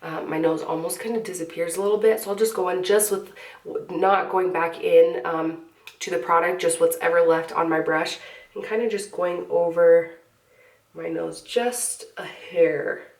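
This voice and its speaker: Her pitch is fairly low and her pace moderate as this young woman, a beauty vlogger, talks her way through a makeup tutorial while sniffling with a cold. It's chatty, easygoing, and packed with filler words. She's far from the mic, off-axis in a room full of echo.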